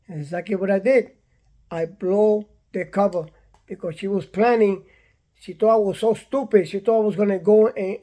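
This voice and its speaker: An older Puerto Rican man with a high voice tells a personal story bluntly and with lots of animation, repeating himself and acting out what people said.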